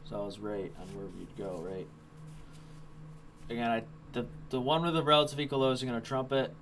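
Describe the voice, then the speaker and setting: A man's voice: mid-range voice, fairly even intonation, fairly quick, fairly bright tone, slight background noise. Man calling trades live, casual and blunt. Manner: casual, swears, thinks aloud over charts. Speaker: trading live streamer. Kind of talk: live stream trading commentary.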